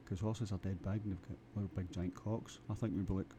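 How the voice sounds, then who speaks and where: A man's voice: low voice, fairly even intonation, fairly quick, background noise. A Scottish man delivering a rambling comic monologue to camera, crude and full of stammered restarts. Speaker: vlogger.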